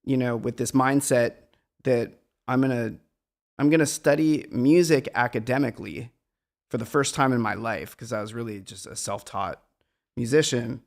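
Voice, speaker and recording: A man's voice: mid-range voice, normal speed, gravelly. A middle-aged man, a guest musician, talking in a meandering, reflective and self-deprecating way in a casual conversation.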